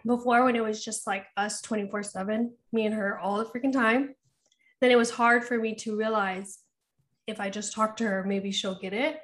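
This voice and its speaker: A podcast co-host discusses parenting in a casual chat, her mid-range voice a bit bright with fairly even intonation at normal speed. She's chatty, laughs often, adds asides, and says "you know" a lot.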